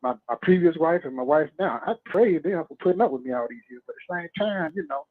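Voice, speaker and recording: Man, quick talker, slightly high voice, phone-line sound, streetwise. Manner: animated, streetwise, "you know what I mean". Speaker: guest. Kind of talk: casual radio talk.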